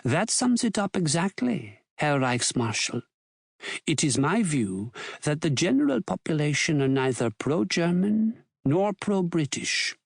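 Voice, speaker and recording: A man's voice: a little high, sing-song, measured pace, vocal fry, dry recording, clean studio sound, exaggerated voice. A man voicing a wary German scholar who answers formally and carefully, with a respectful title each time. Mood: deferential.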